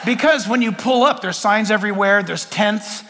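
A man's voice: sits high, moderate pace, long reverb tail, a little hiss or hum. A man preaching a sermon, telling stories and acting out back-and-forth conversations with God. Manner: animated storytelling, acting out dialogue with God.

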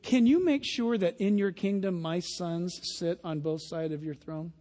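A man's voice: high voice, a little slow, dark tone, pitched below the performer's own voice. A man voicing a pushy mother who insistently pleads for her sons to be favored. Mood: pleading. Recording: long hall reverb.

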